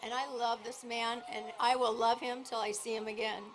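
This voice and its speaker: A woman's voice: fairly high pitch, level tone, normal speed, over a noisy crowd. Emotional middle-aged woman at a memorial. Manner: emotional, rambling, sometimes shouting. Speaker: memorial speaker. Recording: noisy live event.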